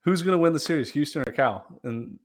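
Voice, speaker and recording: Man, casual sports talk, relaxed, thinks out loud, podcast co-host. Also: fairly high pitch, quick pace. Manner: relaxed, thinks aloud with fillers.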